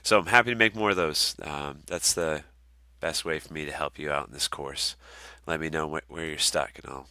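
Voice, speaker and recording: Speaking into a computer mic, a young instructor with a very low, bright-edged voice walks students through an online course at a moderate pace with few pauses. He's relaxed and friendly, full of ums, uhs, and asides, and the sound is dry and close with no room echo.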